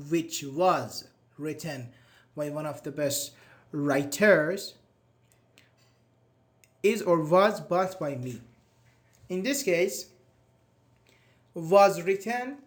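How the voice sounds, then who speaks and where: A male teacher, leading a live online class in a chatty, encouraging way, praising students by name and asking them questions. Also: high-pitched. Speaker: English teacher.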